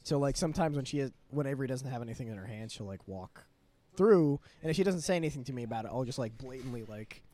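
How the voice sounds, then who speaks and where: A man's voice: mid-range voice, expressive, quick pace, dark tone, no echo. A young man co-hosting a podcast, telling a rambling story in casual chat with lots of fillers. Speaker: podcast co-host.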